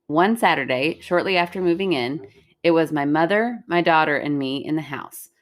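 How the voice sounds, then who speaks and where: A woman's voice: low voice, normal speed. A woman co-hosting a podcast, reading listener stories aloud in casual chat and laughing easily. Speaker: podcast co-host.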